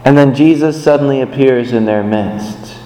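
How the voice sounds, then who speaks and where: A man preaching a sermon, telling the story in an animated way with big swings in pitch. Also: moderate pace, roomy sound, in a large hall, low-quality recording.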